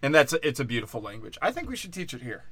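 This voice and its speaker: A man's voice: mid-range voice, sing-song, rapid-fire, a bit bright, breathy edge, dry recording. A tipsy man hosting a podcast, delivering a crude, rambling comedic monologue and often breaking off mid-thought. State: tipsy from tequila.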